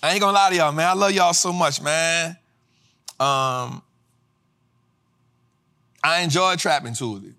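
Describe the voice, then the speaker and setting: A male host teaching personal finance to a live audience in a casual, slang-filled way, swinging into sermon-like, sung-out shouts. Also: a little high, measured pace, pauses often, clean tone. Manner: preacher-like cadence, rising to shouts. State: tired after a flight. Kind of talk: motivational livestream teaching.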